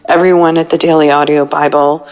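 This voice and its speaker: A woman in her sixties calling in to a prayer line, earnest and halting as she prays aloud. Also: deep voice, level tone, darkish tone, low-quality recording. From United States. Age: 60s. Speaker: caller. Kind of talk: recorded prayer call-in message.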